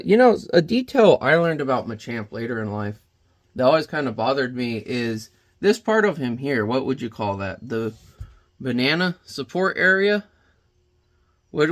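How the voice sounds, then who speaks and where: A man chatting casually while he paints, rambling between jokes and quiet reflection. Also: on the high side. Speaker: painting vlogger.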